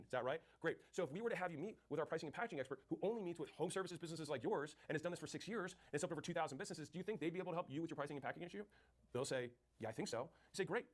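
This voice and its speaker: A man coaching on sales in a punchy, direct way, acting out both sides of sales calls and answering questions. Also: on the high side. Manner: rapid, punchy, acts out sales dialogue. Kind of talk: fast sales coaching talk.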